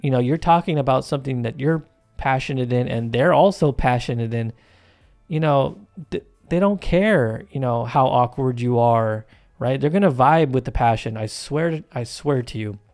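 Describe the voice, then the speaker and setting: A man's voice: medium pitch, moderate pace, darkish tone, soft background music. A man hosting his channel off camera, talking casually over gameplay in a rambling, emphatic way with many restarts and fillers. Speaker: YouTube channel host. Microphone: home voice-over mic, off camera.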